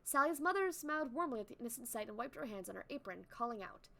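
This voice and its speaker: On a live stream, a young adult woman reads a story aloud and chats playfully with viewers between passages. She's animated and talks fast, her voice on the high side with a gravelly texture.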